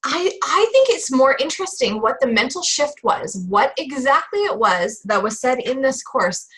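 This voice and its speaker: A woman chatting casually about a book, reading passages aloud and musing with drawn-out emphasis. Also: high-pitched, sing-song, fairly bright tone. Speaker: co-host discussing a book.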